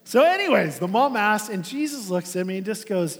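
A man with a high voice preaches a sermon, talking to his congregation in a lively, conversational way. He slows and quiets down to press key points home. His voice rings with the long reverb of a church sanctuary. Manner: animated preaching with a conversational tone, dropping soft and slow for emphasis. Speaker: pastor.

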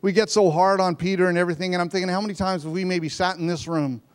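A man's voice: high-pitched, steady tone, quick pace, clear, resonant tone. A man preaching a sermon in a church sanctuary, reading verses and explaining them in a conversational way. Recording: long reverb of a church hall.

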